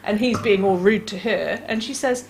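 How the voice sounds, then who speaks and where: A woman's voice: medium pitch, normal speed, vocal fry, a little mellow, slight background noise. A woman with a New Zealand accent chatting as a radio book reviewer, reading out picture-book lines in playful voices. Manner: chatty, acts out story voices.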